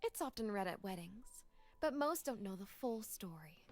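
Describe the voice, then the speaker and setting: A woman voicing an earnest young woman in a game, gently persuading a friend and reciting scripture. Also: medium pitch, big pitch swings, normal speed, soft background music. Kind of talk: video game voice acting.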